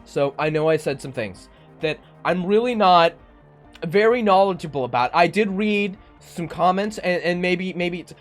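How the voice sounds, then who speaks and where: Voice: medium pitch, lively intonation, moderate pace, soft background music. A streamer chatting casually on a live stream, joking and laughing often between lines. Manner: joking, laughs often, mock-tearful bits.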